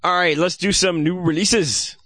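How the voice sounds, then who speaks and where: A man's voice: high voice, steady tone, normal speed, bright, forceful tone. A man hosting a casual gaming podcast, rambling with many restarts and casual swearing. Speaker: podcast host. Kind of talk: casual chat.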